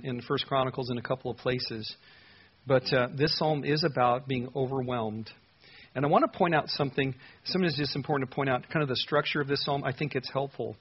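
A man preaching a sermon with a husky, slightly breathy voice. He talks in a loose, conversational way, full of filler words and sudden emphasis. The recording sounds dull and lo-fi. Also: medium pitch. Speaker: pastor. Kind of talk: expository sermon.

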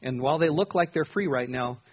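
A man with a slightly high, husky voice preaches an earnest sermon a little fast, recorded with lo-fi sound. He reads scripture aloud, stressing words with rising emphasis as he goes.

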